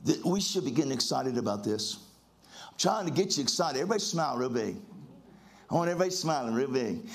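A man's voice: medium pitch, animated, fast talker. A pastor preaching a fervent sermon, full of exclamations and leading his congregation in call-and-response.

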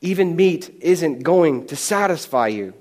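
A pastor preaching a sermon in a fairly high voice. He is animated and stumbles over repeated words as he goes. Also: a little slow.

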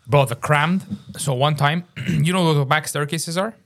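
A man's voice: a little high, normal speed, a bit bright. A young man telling stories in a casual podcast chat. He talks animatedly and says "bro" constantly. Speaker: podcast co-host.

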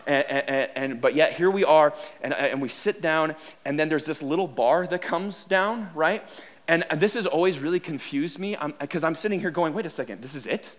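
A man telling a self-mocking personal story as a sermon, animated and full of restarts. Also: fairly high pitch, moderate pace.

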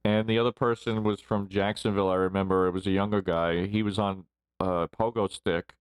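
Low, smooth-voiced man telling stories. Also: steady tone, fairly quick, no room sound. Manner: rambling, laughs often while telling stories. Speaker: guest. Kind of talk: casual storytelling interview.

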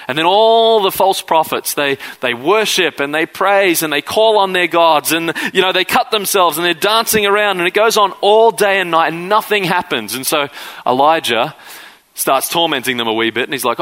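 A man's voice: on the high side, expressive, normal speed, a bit bright, low-quality recording. A man preaching a conversational sermon as pastor, acting out the people in the story as he retells it. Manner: conversational preaching, acts out quoted figures.

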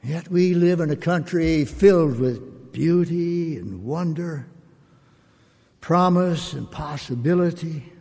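Older man preaching a reflective sermon in an unhurried delivery, slightly breathy, echoing through a large hall. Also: on the high side, a little mellow. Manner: slow, reflective, measured delivery with drawn-out phrases. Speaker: pastor. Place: church sanctuary. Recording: long reverb of a church hall.

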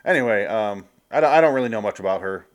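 A man's voice: on the low side, expressive. A man co-hosting a movie podcast, chatting casually and jokingly acting out film lines. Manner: jokey, acts out movie lines in quick voices. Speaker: podcast co-host. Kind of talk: casual movie review chat.

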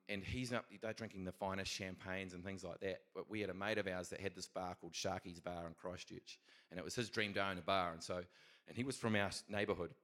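A man's voice: low-pitched, a bit bright. A middle-aged man with a New Zealand accent telling a faith story in a casual, rambling, earnest way, with many restarts. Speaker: Christian speaker telling a testimony.

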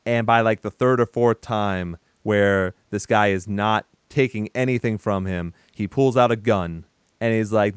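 A man's voice: on the low side, measured pace, smooth, no room sound, clean studio sound. A man recapping a film in casual chat, animatedly acting out the characters' lines. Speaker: podcast co-host.

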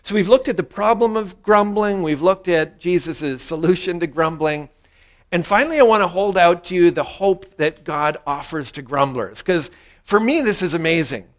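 Preaching with earnest conviction, a man whose voice is notably high for a male leads his listeners in a short prayer they echo back. He is expressive and keeps a moderate pace.

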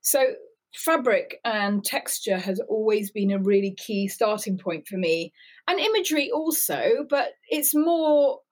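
A woman guest, a fashion designer, answering interview questions in a thoughtful, measured way. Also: medium pitch, lively intonation.

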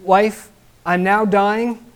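A man's voice: high-pitched, steady tone, extremely slow, clean tone. A man playing a dying rich old man. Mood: insistent.

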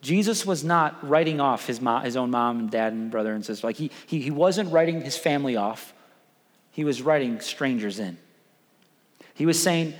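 Pastor guy preaching casual and lively, slightly high voice, echoey church, soft music. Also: moderate pace. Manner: conversational, animated storytelling. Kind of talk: sermon.

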